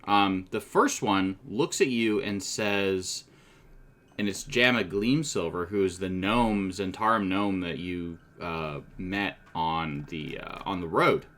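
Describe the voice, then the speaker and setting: A man narrating a tabletop game as its game master, with a low voice that comes through bright and forceful. His delivery is chatty and loose, full of asides. He laughs often between descriptions. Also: takes it slowly.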